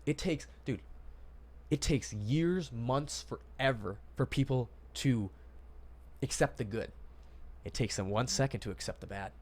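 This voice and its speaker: A man's voice: mid-range voice, a little mellow. A young man hosting a casual podcast chat, talking emphatically and calling people dude and bro. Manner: fast, emphatic, calls listeners dude and bro. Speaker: podcast host.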